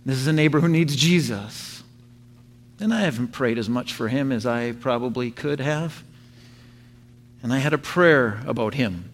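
A man preaching a sermon to his church, telling a story with animated sound effects. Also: mid-range voice, normal speed. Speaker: pastor.

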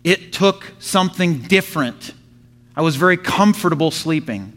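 Man, pastor, sermon storytelling, slightly higher voice, animated, imitates sounds. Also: normal speed. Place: church.

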